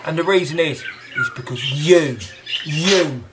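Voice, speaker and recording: A man speaking in a slightly high voice, slow and deliberate, in a confrontational, scornful monologue. Loud background noise runs throughout, with birds chirping behind him. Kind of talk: angry monologue to camera.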